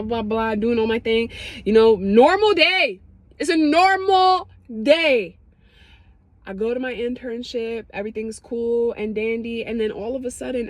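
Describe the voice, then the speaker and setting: A woman's voice: fairly high pitch, no room sound. Dramatic young woman telling a story. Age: young adult. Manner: dramatic, animated, slangy. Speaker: vlogger sharing a testimony. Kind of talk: casual storytelling.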